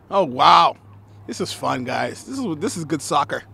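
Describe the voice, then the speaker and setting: A man giving play-by-play commentary at a soccer match outdoors, excitable and repetitive, shouting on big plays. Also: fairly high pitch, moderate pace, creaky, slightly rough. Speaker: sports commentator.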